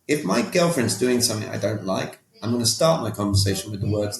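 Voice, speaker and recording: A man's voice: on the low side, lively intonation, fairly quick, creaky, hardly any pauses. A man with a British accent, speaking as an interview guest who coaches on communication. He talks emphatically and directly, often checking in with "all right?". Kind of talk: casual interview talk. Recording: roomy echo.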